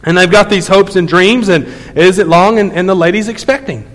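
A man's voice: high voice, brisk, fairly bright tone, big-room sound, low-quality recording. A man preaching a storytelling sermon as a pastor, talking in a loose, conversational way full of fillers and restarts.

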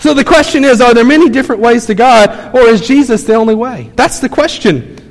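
A man's voice: very high voice, animated, brisk. A male pastor preaching a sermon in a church, emphatic and conversational, telling stories to his congregation. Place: church sanctuary. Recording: long church hall reverb.

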